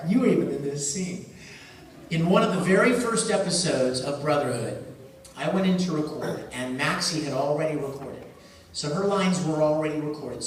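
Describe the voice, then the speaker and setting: A man on a convention panel, playfully telling a story to the crowd and acting out lines in voices. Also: a little high. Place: large convention hall. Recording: echoey hall, distant mic, noisy.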